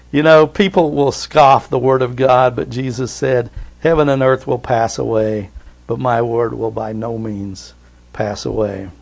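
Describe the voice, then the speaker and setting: A man preaching an earnest sermon as pastor, stumbling over and repeating words as he rises and drops sharply in pitch and loudness. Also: creaky.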